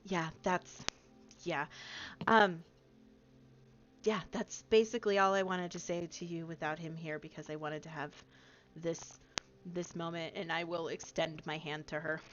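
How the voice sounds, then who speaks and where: A woman's voice: low-pitched, little pitch movement, a little slow, pauses often, a bit bright. A woman player in casual tabletop game chat, chatty and full of fillers, on a muffled recording. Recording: muffled lo-fi audio.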